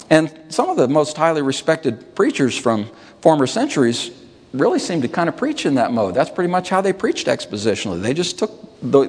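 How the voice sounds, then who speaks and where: A man preaching a reflective sermon, musing aloud and slowing down over scripture, lifting his voice on key words. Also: on the high side, gravelly, darkish tone, husky, long reverb tail.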